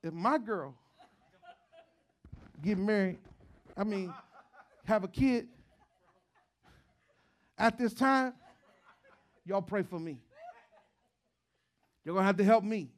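A man preaching a sermon as pastor, moving between joking storytelling and quiet, earnest preaching. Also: sits high, slow, long pauses.

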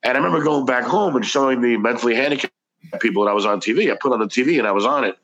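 A man's voice: mid-range voice, very fast, fairly bright tone, rough recording. A man, a comedian guest, telling casual anecdotes in a chatty, rambling way. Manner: chatty, anecdotal, frequent restarts. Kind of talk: casual storytelling.

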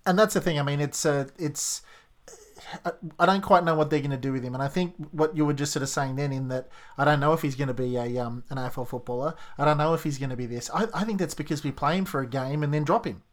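A man's voice: a little high, fast. A man hosting a radio chat, opinionated and openly worried like a passionate fan. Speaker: radio host.

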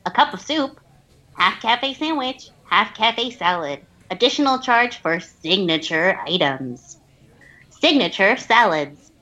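A woman's voice: mid-range voice, lively intonation, sharp tone, highs cut off. A woman reading a menu aloud in a casual group, amused and drawing her words out. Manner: drawn-out, amused reading with laughter.

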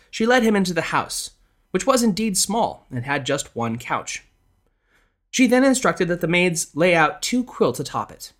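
A man reading an old ghost story aloud in a measured, expressive storytelling style. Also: a little high. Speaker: podcast narrator. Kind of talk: scripted storytelling narration.

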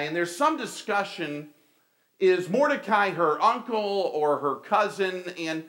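A man's voice: high-pitched, animated, slow pace, a bit bright. A middle-aged man giving a conversational sermon, telling stories and calling his listeners folks. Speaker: pastor.

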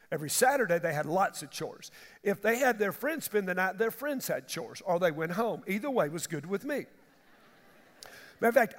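A man's voice: high-pitched, a bit bright. A middle-aged man, preaching a sermon in an emphatic, folksy way and asking the congregation questions. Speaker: pastor. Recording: reverberant hall.

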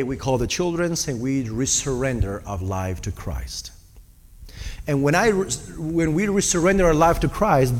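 A man's voice: mid-range voice, long reverb tail. A man preaching a sermon with personal testimony, earnest and speaking straight to the congregation. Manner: earnest, addresses the congregation directly.

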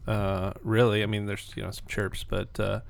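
A man's voice: on the low side, completely flat delivery, moderate pace, gravelly. A man co-hosting a gaming podcast in casual chat, dropping short teasing quips between the others. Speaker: podcast co-host.

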